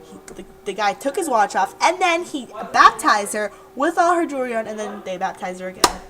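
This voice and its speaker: A woman's voice: fairly high pitch, poor audio. A young woman talking casually to her webcam in a diary-style vlog, rambling and repeating herself. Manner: rambling, chatty, repeats words. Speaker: vlogger.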